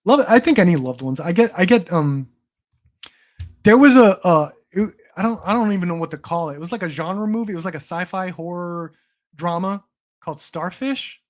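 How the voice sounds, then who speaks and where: A man's voice: high voice, expressive, brisk. A young man hosting a casual livestream chat about movies, rambling with frequent restarts and swearing. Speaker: stream host.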